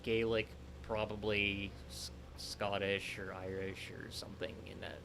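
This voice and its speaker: A man's voice: fairly low pitch, little pitch movement, a little slow, noisy background. Rambling man hosting a game playthrough. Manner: rambling, self-mocking. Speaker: let's play host. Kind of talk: casual gameplay chat. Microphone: headset.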